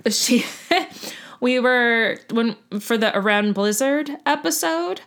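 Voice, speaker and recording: A woman's voice: on the high side, animated, slow, fairly bright tone, clean tone. A woman co-hosting a podcast in casual chat, talking loosely with frequent laughs and filler words. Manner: chatty, laughs often, many ums. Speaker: podcast co-host.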